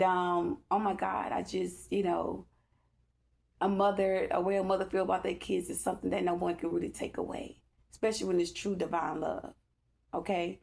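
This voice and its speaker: Woman, tarot reader, casual spiritual reading, low pitch, gravelly, rambling, emotional. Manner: rambling, checks in with repeated "okay?"; earnest, emotional.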